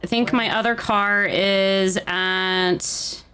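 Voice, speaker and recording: A woman's voice: mid-range voice, fairly even intonation, slow, pushed and bright, clear, resonant tone. A woman streaming a role-play game as a mayor, chatting casually and playfully.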